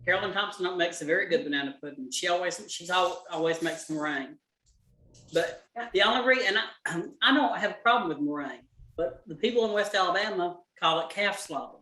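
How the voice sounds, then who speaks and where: A man's voice: sits high, a little fast, bright, forceful tone, reverberant. A man with a Southern accent, hosting a cooking session on a video call and telling folksy stories. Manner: folksy storyteller. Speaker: cooking class host. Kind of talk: casual chat on a video call.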